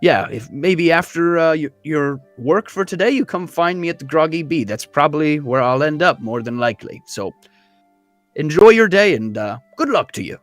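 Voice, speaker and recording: A man's voice: a little high, expressive, moderate pace, no room sound, soft background music, natural voice. A man voicing a rambling, easygoing male sheep worker who heads off to his duties. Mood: friendly.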